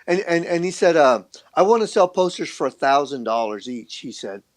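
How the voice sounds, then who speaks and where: A man's voice: a little high, animated, moderate pace. A man guesting on a podcast, telling a story in casual, profane talk, full of restarts and acted-out quotes of other people. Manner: profane, rambling, with repeated restarts. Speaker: podcast guest, street artist.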